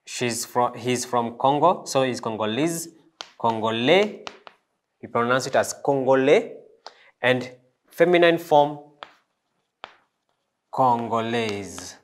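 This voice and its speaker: A man teaching a French language lesson, slow and hesitant, with many fillers and restarts. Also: medium pitch. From East Africa. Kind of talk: classroom lesson.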